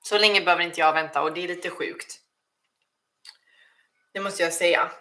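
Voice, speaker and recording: A woman with a low, steady voice that is bright and forceful speaks at a moderate pace. She streams from Sweden, speaks Swedish as her first language, and handles a casual livestream Q&A by reading questions aloud, often restarting sentences.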